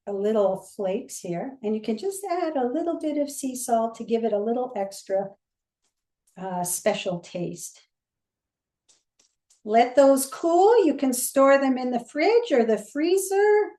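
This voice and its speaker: A woman's voice: a little high, echoey room. A woman giving a cooking demonstration on a video call in a chatty, plain instructional way. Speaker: guest presenter.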